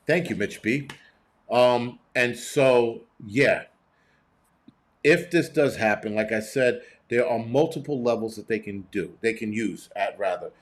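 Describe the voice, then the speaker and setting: A man's voice: medium pitch, a little slow. Blunt, profane man hosting a live stream. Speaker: host of a prepping show. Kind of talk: live-stream commentary reading chat.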